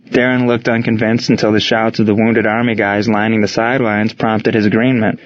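A man narrating an audiobook in a steady, measured reading. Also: lowish voice. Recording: dull lo-fi recording.

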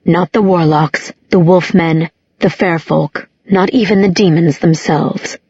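A woman's voice: fairly low pitch, fairly even intonation, a little slow, darkish tone, husky, no room sound, muffled recording. A woman narrating an audiobook, reading every character herself with small changes of voice. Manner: reads all characters with small voice shifts. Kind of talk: scripted narration.

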